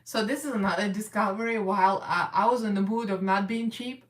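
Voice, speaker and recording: Fairly quick and mid-range, a Russian American woman's voice carries a casual live makeup chat. She laughs a lot and rambles chattily as she works, and the echoey recording places her a little away from the microphone.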